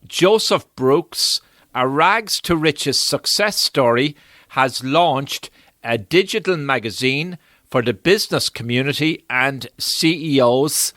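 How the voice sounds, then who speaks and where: A man hosting a podcast, introducing his guest from a studio in a measured, announcer-like way. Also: mid-range voice, expressive, sharp tone, dry recording. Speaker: podcast host. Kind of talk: scripted introduction. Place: recording studio.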